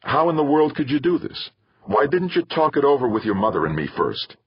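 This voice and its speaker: A man's voice: sits low, animated, normal speed, highs cut off, full character voice. A man reading an audiobook, voicing a stern, suspicious father who grumbles at his son. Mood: gruff. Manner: gruff, suspicious.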